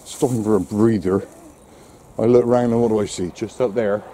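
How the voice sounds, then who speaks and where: This man's voice is low, dark and steady, delivered at a moderate pace. Plain-spoken, he talks to his dog as they walk the windy coast, vlogging casually to the camera and growing breathless on the way up. Wind can be heard on the mic.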